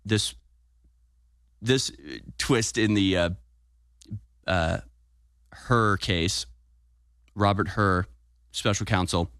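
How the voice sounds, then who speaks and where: A man's voice: lowish voice, a bit bright, no echo, clean studio sound. A man hosting political talk radio with combative, sarcastic commentary. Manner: combative, sarcastic, self-congratulating. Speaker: talk show host.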